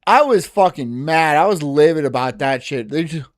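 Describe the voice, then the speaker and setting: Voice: medium pitch, lively intonation, normal speed, no room sound, clean studio sound. A streamer chatting casually on a live stream, ranting and venting with lots of swearing and laughing often between remarks.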